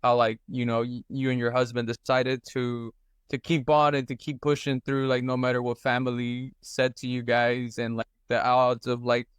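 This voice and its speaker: A man speaking earnestly on a casual group call, halting with many fillers. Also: medium pitch, little pitch movement, clear, resonant tone, no room sound, studio quality. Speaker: mastermind group member.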